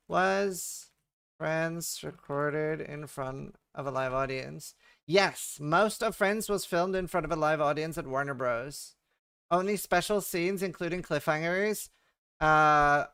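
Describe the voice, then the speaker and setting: Chatty, profane male streamer, higher voice. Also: fairly bright tone, clear, resonant tone, dry recording. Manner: rambling, profane, laughs at own stories. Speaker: livestream host. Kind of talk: casual storytelling chat.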